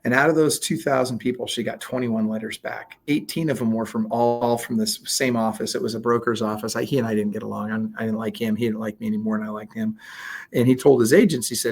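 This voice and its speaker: A man being interviewed, telling a story in a casual, animated way, acting out quoted dialogue with lots of fillers. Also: on the low side, fast, creaky, slightly rough. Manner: frequent fillers and restarts. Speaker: guest, real estate coach.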